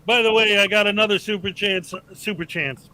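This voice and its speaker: A man's voice: high-pitched, steady tone, brisk, bright, forceful tone, slight background noise, rough recording. A man hosting a casual livestream, chatty and laughing often as he thanks supporters and hypes viewers. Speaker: livestream host. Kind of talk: casual live chat reading donations.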